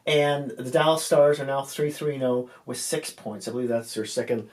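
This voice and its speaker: A man casually recapping hockey game results, halting with frequent ums and restarts, with a voice going tired and hoarse. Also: medium pitch, fairly even intonation. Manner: halting, many ums and restarts, offhand asides.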